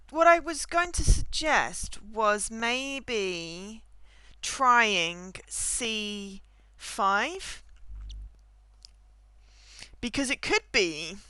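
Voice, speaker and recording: A woman's voice: medium pitch, bright, forceful tone, clear, resonant tone, no echo, rough recording. A woman chatting casually on a gaming stream, musing aloud and thinking through her choices with viewers.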